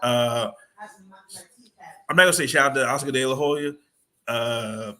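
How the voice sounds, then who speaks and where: Bright-voiced animated man talking sports. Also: medium pitch, unhurried. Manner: animated, rambling, slangy storytelling. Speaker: podcast co-host. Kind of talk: casual sports chat.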